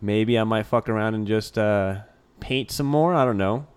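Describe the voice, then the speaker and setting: A man co-hosting a casual podcast, speaking in relaxed, slangy banter. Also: lowish voice, moderate pace, clear, resonant tone. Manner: laid-back slangy banter. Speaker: podcast co-host.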